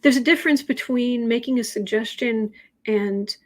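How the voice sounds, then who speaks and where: A woman's voice: on the high side, normal speed, darkish tone. A woman hosting a daily tarot livestream, talking casually to viewers and breaking off to talk to her cat. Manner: chatty, talks to her cat between remarks. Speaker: tarot reader and livestream host.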